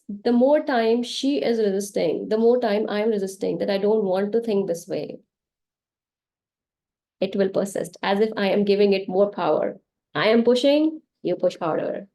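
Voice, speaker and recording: Indian English woman, session host; mellow voice, chatty and animated, laughing through her teaching stories. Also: fairly high pitch. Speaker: meditation session host and healer. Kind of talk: casual spiritual teaching on a live online session. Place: online live session.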